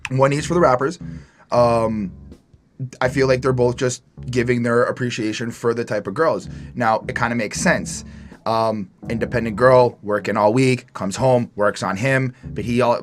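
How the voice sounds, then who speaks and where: Man, podcast co-host, casual rambling review talk, mid-pitched voice, faint music beneath. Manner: loose, rambling, reads lyrics aloud. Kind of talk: casual album review chat.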